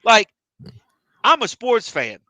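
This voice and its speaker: A man's voice: extremely high pitch, slow, no room sound. A man co-hosting a casual podcast, ranting emotionally with lots of swearing. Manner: emotional, animated ranting with heavy profanity. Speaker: podcast co-host. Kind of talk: heated casual chat.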